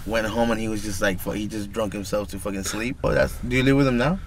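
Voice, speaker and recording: A man's voice: on the low side, fairly even intonation, a little hiss or hum. A man co-hosting a podcast, joking around and swearing in casual chat while sitting very close to the mic. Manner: joking, profane, quick to laugh. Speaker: podcast co-host. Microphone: very close to a podcast microphone.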